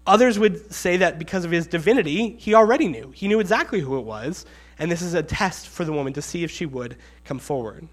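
Conversational preacher with a raised pitch. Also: male voice, expressive, fairly quick. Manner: conversational, acts out quotes with rising emphasis. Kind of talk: sermon.

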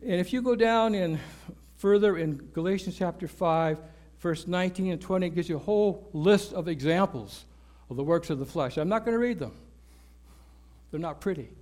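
High-voiced man preaching. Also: normal speed, darkish tone. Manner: conversational teaching, checks in with "right?" and "okay?"; repeats key words for emphasis. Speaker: pastor. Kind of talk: sermon.

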